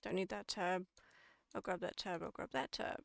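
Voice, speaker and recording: An Australian woman streamer giving a casual lecture to her chat, chatty and quick to laugh at and correct her own slips. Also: fairly low pitch, flat delivery, vocal fry, dry recording, studio quality.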